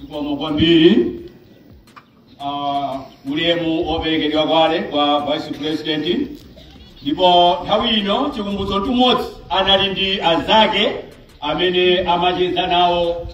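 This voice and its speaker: A man's voice: on the high side, steady tone, moderate pace, fairly bright tone, very echoey, distant mic, muffled recording. A man serving as master of ceremonies at a funeral, formally introducing the next speaker.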